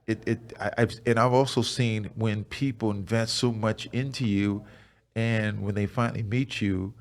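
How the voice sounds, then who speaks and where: A man in his sixties tells stories in a relaxed, rambling way, full of restarts and small fillers. His voice sits low with a gravelly fry at the ends of phrases. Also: moderate pace. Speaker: guest, retired football player. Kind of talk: casual chat.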